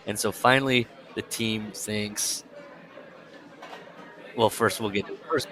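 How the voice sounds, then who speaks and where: Over music, a man with a fairly low, steady voice speaks at a measured pace while co-hosting a book podcast. He loosely recaps the plot and reads passages aloud, joking, swearing, laughing, and acting out lines from the book.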